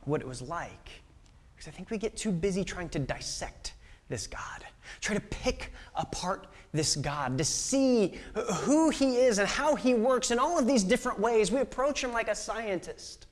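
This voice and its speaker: A man with a notably high voice delivers an impassioned sermon. He retells a scripture story with voices for each figure. His volume swings from ringing peaks down to near-whispers. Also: lively intonation, normal speed. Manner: dramatic swings from loud to hushed whisper. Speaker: pastor.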